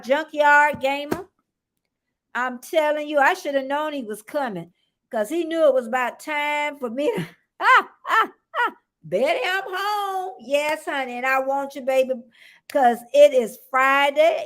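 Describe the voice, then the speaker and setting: A woman's voice: high-pitched, a bit bright. A woman from the United States hosting a casual live stream, rambling chattily, greeting viewers by name and laughing often. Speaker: livestream host.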